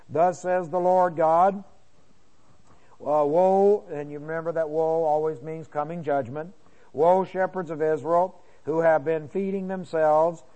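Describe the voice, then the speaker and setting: A man's voice: a little high, dark tone, rough recording. A man as pastor teaching a sermon verse by verse, reading scripture aloud and breaking in with comments, with many fillers and restarts.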